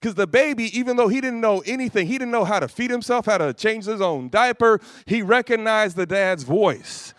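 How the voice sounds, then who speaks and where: A pastor with a high voice delivers a lively sermon at normal speed with few pauses, telling stories and doing the voices of the people in them. He laughs at his own jokes along the way. The recording is dry and close, with no room echo.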